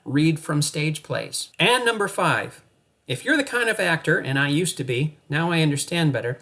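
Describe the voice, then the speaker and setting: Male acting coach, slightly raised pitch, energetic and playful, addresses viewers directly. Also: moderate pace. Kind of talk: coaching monologue to camera.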